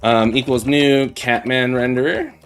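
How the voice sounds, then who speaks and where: A man's voice: mid-range voice, fairly even intonation, unhurried, fairly bright tone, clean tone. Chatty man coding live. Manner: thinks aloud while typing, chatty, self-deprecating. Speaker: livestream coding host. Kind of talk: casual live-coding chat. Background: faint background music and keyboard typing.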